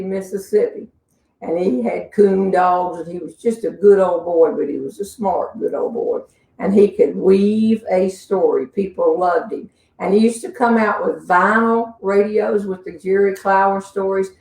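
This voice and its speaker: A woman's voice: mid-range voice, normal speed, vocal fry, a little mellow, echoey room, far from the mic, rough recording. A woman with a Southern US accent telling comic stories in a folksy, chatty way, full of asides and little laughs. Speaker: humorist answering audience questions. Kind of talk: casual comic storytelling.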